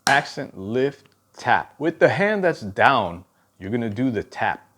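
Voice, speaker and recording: A man in middle age giving a hands-on drum lesson, with a medium-pitched, everyday voice. He talks casually and unscripted, counting beats aloud and tagging many of his points with a quick "okay?" to check the viewer is following. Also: big pitch swings, a bit bright. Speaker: drum instructor. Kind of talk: spoken drum lesson with demonstrations.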